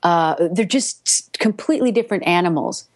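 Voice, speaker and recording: A woman's voice: brisk, dry recording, studio quality. A middle-aged woman, a voice actress, telling stories from her career in a casual interview, acting out the voices of the people she quotes. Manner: animated anecdote-telling, acting out quoted voices with big pitch jumps. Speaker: voice actress and audiobook narrator guest.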